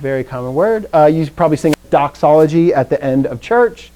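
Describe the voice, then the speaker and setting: A young man leads a Greek lesson for adults with an upbeat, self-mocking humor. His voice sits a little high, and he calls out words for the class to echo back. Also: lively intonation, brisk, mellow. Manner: upbeat, joking, self-deprecating, drills vocabulary aloud. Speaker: Greek teacher. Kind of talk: classroom lesson with call-and-response drills.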